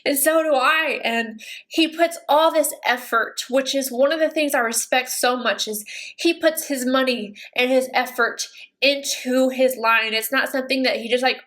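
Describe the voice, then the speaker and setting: Woman, 30s, beauty vlogger, tearful and emotional, high-pitched casual delivery. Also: moderate pace, a bit bright. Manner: emotional, teary and gushing. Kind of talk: casual talk to camera.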